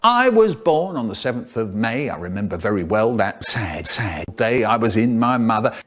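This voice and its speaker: A man telling comic stories in a playful, animated way, breaking into sound effects and squeals. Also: on the low side, normal speed, slight background noise. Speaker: storyteller. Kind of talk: comic storytelling, chopped into a remix.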